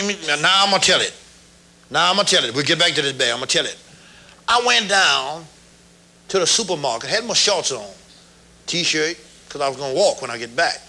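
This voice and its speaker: An older man preaching a sermon, telling folksy stories and swelling loud on key words. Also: a little high.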